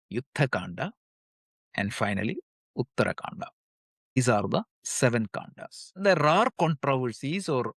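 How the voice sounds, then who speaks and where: A man's voice: medium pitch, a bit bright, dry recording, clean studio sound. A man teaching a live study class, who poses questions and answers them himself and recites verses in between.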